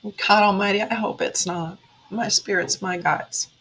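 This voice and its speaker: A woman's voice: on the low side, measured pace, fairly bright tone, slightly rough, low-quality recording. A woman, a tarot reader giving an earnest, emotional motivational monologue straight to her viewers. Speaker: tarot reader and spiritual vlogger.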